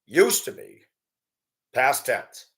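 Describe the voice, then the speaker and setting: A man's voice: medium pitch, very animated, takes it slowly. A man giving a blunt, profane, indignant monologue and telling a story about a run-in. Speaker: commentator. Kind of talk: ranting monologue.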